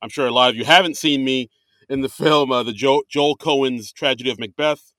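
A man's voice: mid-range voice, fairly quick, bright, forceful tone, no room sound, studio quality. Playful man chatting on a podcast. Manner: rambling, many fillers and restarts, playful. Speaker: podcast co-host. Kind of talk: casual chat.

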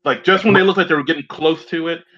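A man's voice: a little high, steady tone, fast, fairly bright tone. A man co-hosting a podcast in casual chat, rambling with lots of "like" and restarts. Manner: rambling, many fillers and restarts. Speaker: podcast co-host. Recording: dull lo-fi mic with faint hum.

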